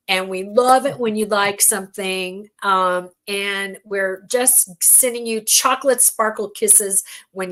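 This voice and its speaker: A woman's voice: medium pitch, fairly bright tone. A middle-aged woman hosting a casual craft livestream from home, chatty and rambling, often laughing. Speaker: livestream host, bead weaver.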